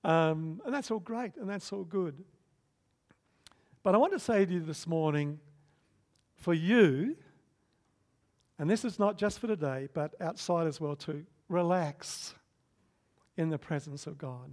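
A middle-aged man preaching a sermon as pastor, swinging from loud emphatic bursts to soft hushed stretches. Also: fairly high pitch, a little slow, long pauses.

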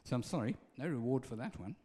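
A man acting out a gentle, kindly man who reviews good deeds, in a reverberant church hall. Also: medium pitch, animated, fast talker, natural voice. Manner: gentle, matter-of-fact.

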